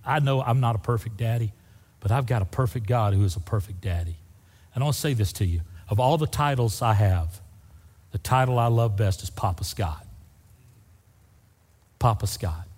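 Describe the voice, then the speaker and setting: A man's voice: on the low side, normal speed, pauses often, slightly rough. Fervent older male pastor in a reverberant hall. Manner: fervent, swings from loud to soft. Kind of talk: sermon.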